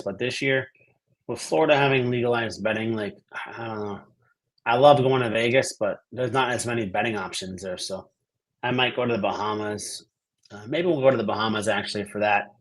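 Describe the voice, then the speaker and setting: A man's voice: medium pitch, fairly bright tone. A man co-hosting a betting podcast in casual chat, hesitant and trailing off with many fillers. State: recovering from illness.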